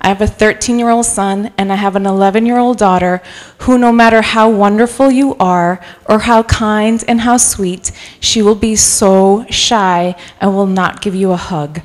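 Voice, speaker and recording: A woman in her forties from New York City with a mixed North Jersey accent, a guest preacher warming up the church with chatty jokes, stories and bits of Spanish. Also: mid-range voice, steady tone, normal speed. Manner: chatty and joking, mixing in Spanish phrases. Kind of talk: sermon with personal storytelling. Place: church sanctuary.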